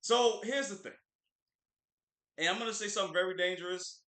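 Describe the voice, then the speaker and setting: A man co-hosting a casual livestream, talking about pop culture in an animated, opinionated way and repeating words for emphasis. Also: high-pitched, a little fast, roomy sound. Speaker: livestream co-host.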